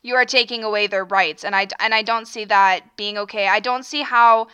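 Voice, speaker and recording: A young woman talks through her views on a solo podcast with a bright, forceful tone. Her voice is smooth and crisp. She is earnest and opinionated, and she often breaks off mid-sentence to rephrase. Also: medium pitch, fairly even intonation, moderate pace. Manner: earnest, opinionated, self-correcting with frequent restarts. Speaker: podcast host.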